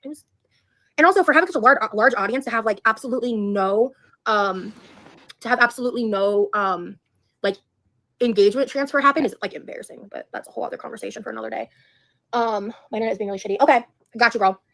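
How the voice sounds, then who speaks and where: A woman's voice: fairly high pitch, quick pace, fairly bright tone. A woman chatting casually on her livestream, rambling and frank, swearing freely.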